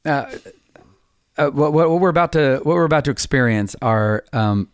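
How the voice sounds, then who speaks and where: A man's voice: a little high, lively intonation, normal speed, clean tone, dry recording, studio quality. A man in his fifties, a songwriter hosting a podcast, telling long rambling stories in a casual, self-deprecating way. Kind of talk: casual storytelling chat.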